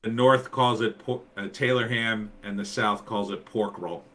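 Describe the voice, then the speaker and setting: A man from New Jersey chatting casually, his voice bright and forceful and pitched a little low. He rambles along with plenty of fillers as he talks on a stream. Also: steady tone, moderate pace. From New Jersey, USA. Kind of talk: casual chat.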